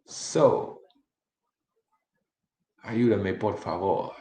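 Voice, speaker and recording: A man's voice: on the low side, drawn-out words, echoey room, very noisy. A man teaching a live-streamed Spanish lesson, chatty and repeating each phrase many times for practice.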